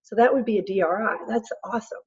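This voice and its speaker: A woman's voice: mid-range voice, steady tone, quick pace, darkish tone, breathy edge, dull audio. A middle-aged woman instructor giving a casual, chatty recorded lecture and acting out her examples.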